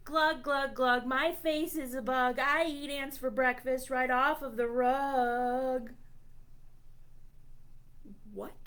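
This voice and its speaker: Slow yet with hardly any pauses, a female librarian reads a silly book to young children in a high, fairly bright voice with fairly even intonation. It's a playful storytime read-aloud, with mock-indignant reactions to what's on the page.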